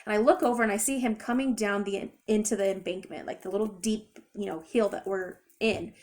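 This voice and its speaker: A young adult woman retelling a personal story in a chatty, rambling, expressive way. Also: mid-range voice, brisk. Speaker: vlogger. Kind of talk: casual storytime.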